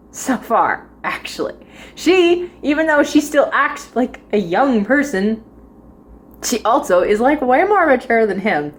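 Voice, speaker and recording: Young woman with a high voice, rambling drama reviewer, giggles through her thoughts. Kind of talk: casual spoken review.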